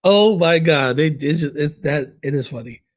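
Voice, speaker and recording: Chatting casually about clips on his live stream, this host greets viewers by name and frequently lets sentences trail off. He has a voice on the high side and talks at a moderate pace.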